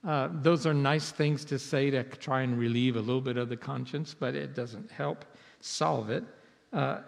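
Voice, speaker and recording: Earnest preacher in a reverberant hall. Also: male voice, on the high side, normal speed, creaky. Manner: earnest and conversational, swinging between emphatic and hushed. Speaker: pastor. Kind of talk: sermon.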